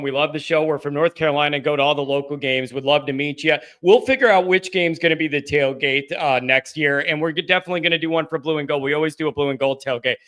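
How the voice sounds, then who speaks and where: A man hosting a live postgame call-in show, talking in a loose, excitable, chatty way with plenty of fillers and restarts. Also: fairly high pitch. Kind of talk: casual live-stream chat.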